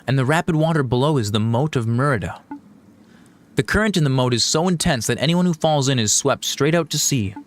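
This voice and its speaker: A man voicing a courteous, earnest young noblewoman who gently scolds her companion. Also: mid-range voice, expressive, fairly quick, pitched above the performer's own voice, natural voice. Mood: earnest, polite.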